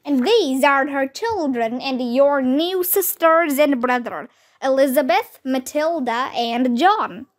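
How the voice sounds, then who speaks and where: A woman voicing a frontier father who speaks gently and reassuringly, read slowly from a children's book. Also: high-pitched, animated.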